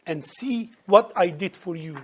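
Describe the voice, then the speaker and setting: A man's voice: high-pitched, measured pace. A man with an Egyptian Arabic accent voicing Christ as a bold, defiant adult man within a sermon. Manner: defiant, proclaiming. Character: Christ speaking boldly, male adult.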